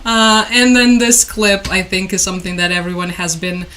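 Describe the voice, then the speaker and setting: A woman's voice: mid-range voice, normal speed, bright, forceful tone. Woman, chatty sarcastic vlogger commenting on the news. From Ukraine. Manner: chatty, sarcastic, laughs often.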